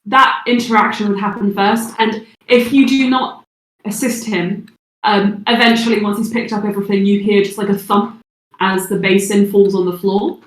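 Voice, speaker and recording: A woman's voice: mid-range voice, steady tone, normal speed, a little hiss or hum. A woman narrating as game master for a tabletop game, hesitant and full of fillers. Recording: echoey room.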